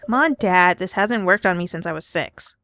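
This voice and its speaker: A woman's voice: on the low side, expressive, moderate pace, a bit bright, dry recording, clean studio sound. A woman voicing a teenage daughter who teases and nags her father in a game. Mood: nagging. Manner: exasperated, bossy teasing. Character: teenage daughter, teasing and impatient.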